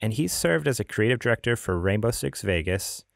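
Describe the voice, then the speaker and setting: A man's voice: on the low side, lively intonation, fairly quick, gravelly, no room sound. A man hosting a casual gaming podcast, chatty and rambling, often laughing. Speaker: podcast host.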